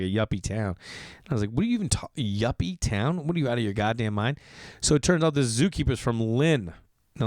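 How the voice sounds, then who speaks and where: An animated Boston man spins a loose, profane story for his podcast, his voice smooth and resonant. The sound is close and dry, with no room in it. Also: medium pitch, dry recording. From Massachusetts. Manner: animated, profane, lots of "like" fillers. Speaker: podcast host. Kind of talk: casual storytelling monologue.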